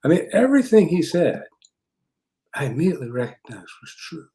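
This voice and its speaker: An older man, a psychotherapist and interview guest, telling an anecdote in an animated way, often laughing and repeating words as he starts a sentence. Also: on the high side, fairly quick. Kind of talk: anecdotal storytelling.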